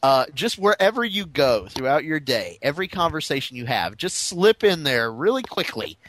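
A man co-hosting a casual comedy podcast, animated and giggly as he riffs on jokes. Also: fairly high pitch, normal speed. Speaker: podcast co-host.

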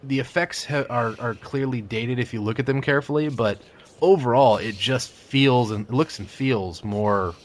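A man's voice: mid-range voice, moderate pace. A man co-hosting a casual chat, talking enthusiastically in long rambling runs with plenty of swearing.

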